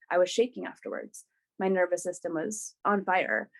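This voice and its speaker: A woman guest on a podcast, sharing a personal story in a candid, animated way with frequent restarts. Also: fairly low pitch, moderate pace.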